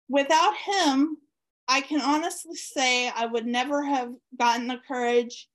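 Speaking at a relaxed pace, a high-voiced woman shares a personal story as an author guest in an interview. Her delivery is warm and excited, sprinkled with lots of ums and uhs.

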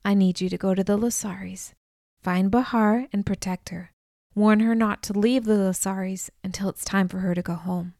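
A woman voicing a calm, loving male divine figure who speaks softly, with gentle authority. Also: moderate pace, no room sound, studio quality, lightly acted. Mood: gentle, authoritative. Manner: soft, low and hushed.

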